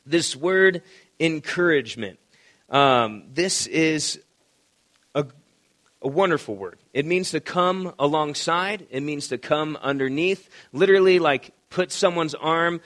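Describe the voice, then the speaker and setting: A man's voice: fairly high pitch, a little slow, a bit bright. Conversational male pastor preaching. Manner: conversational, storytelling with quoted voices. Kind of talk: sermon.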